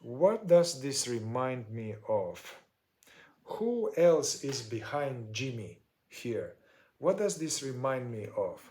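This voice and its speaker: A man teaching a therapy process step by step, unhurried and searching for his words with many fillers. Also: mid-range voice, big pitch swings, darkish tone, echoey room. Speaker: somatic shadow work teacher.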